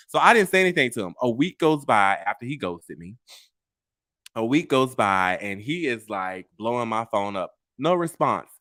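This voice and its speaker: A man hosting a vlog, telling stories in a sassy, animated way straight to his viewers and laughing at his own tales. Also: on the low side, normal speed, dry recording, clean studio sound. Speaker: vlog host. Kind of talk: casual storytelling monologue.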